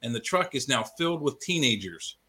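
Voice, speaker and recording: A man's voice: mid-range voice, big pitch swings, brisk, sharp tone. A man co-hosting a casual talk show, telling stories that build to a punchline.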